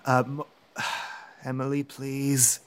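A game player voicing a dignified, formal female champion trainer in a tabletop game, speaking in a measured, slightly weary way. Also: medium pitch, completely flat delivery, clear, resonant tone. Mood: deflecting.

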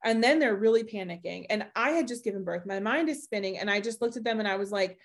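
Animated young woman telling her story. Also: mid-range voice, fast talker. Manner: animated storyteller acting out quoted voices. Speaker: guest. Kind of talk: storytelling in a podcast interview.

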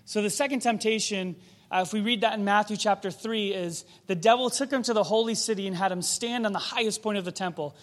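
A man's voice: high voice, fast. A man preaching a sermon in a conversational, reflective way, often posing rhetorical questions to the congregation.

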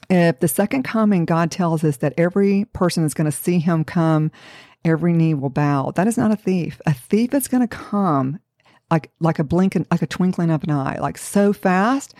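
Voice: mid-range voice, mellow, no echo, clean studio sound. A Bible teacher talking in a casual, conversational way, often checking in with "okay?" and reading scripture aloud in old-fashioned wording. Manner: reads scripture aloud in King James wording.

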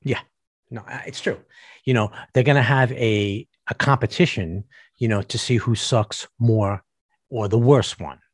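A man's voice: mid-range voice, unhurried, no echo, studio quality. A man ranting to camera as a vlogger, sarcastic and mocking, often stumbling and repeating words. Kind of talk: ranting commentary.

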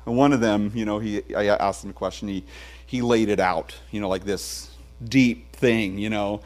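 A man's voice: lowish voice, moderate pace, soft background music. A pastor in his forties preaching a sermon to his congregation, telling stories with humor. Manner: animated storytelling with humor. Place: church sanctuary.

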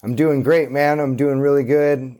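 A man's voice: medium pitch, flat delivery, normal speed, mellow. Easygoing rambling male skateboarder guest. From Santa Cruz, California. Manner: rambling storyteller, many fillers, easygoing. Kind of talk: casual interview.

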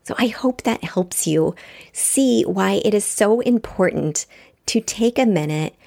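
A woman's voice: mid-range voice, animated, measured pace, creaky, dark tone. A woman hosting her own podcast, speaking straight to listeners in an upbeat, encouraging way and reading aloud from her book. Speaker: podcast host.

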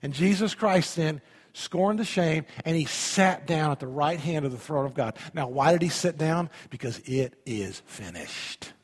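A man's voice: a little high, moderate pace, husky. Emphatic preaching man in a reverberant hall. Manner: emphatic preaching with dramatic drops to quiet. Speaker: pastor. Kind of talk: sermon.

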